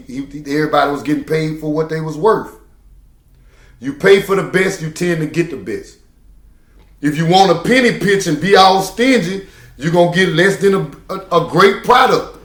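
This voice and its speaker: A truck driver talks to camera in a preachy, emphatic monologue, repeating the same phrases to press each point. His fairly bright voice sits a little high for a man, and it echoes around the room.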